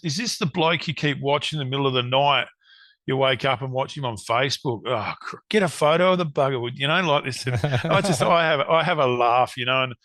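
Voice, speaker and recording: A man's voice: medium pitch, sharp tone, no echo. An Australian man, a guest on a hunting podcast, chatting casually and acting out what people said to him. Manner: rambling storyteller, acts out quotes.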